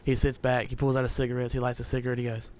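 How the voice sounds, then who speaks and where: A man's voice: mid-range voice, completely flat delivery, very fast, a little mellow. A man telling rambling, profane stories in casual chat over a gaming headset.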